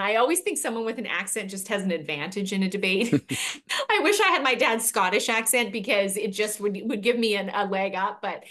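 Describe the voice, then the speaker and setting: A woman from Canada talks through her experiences as an interview guest, speaking fluently and articulately. Her voice sits at an average pitch and her answers come out as long, steady stories. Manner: articulate, fluent storytelling with light laughs. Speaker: guest, pro-life speaker and author.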